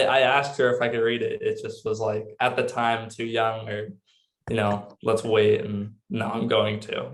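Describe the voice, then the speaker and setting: A young man answering an interview question haltingly, with many restarts. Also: mid-range voice, reverberant. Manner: hesitant, halting. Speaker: guest, author's son. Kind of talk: casual interview.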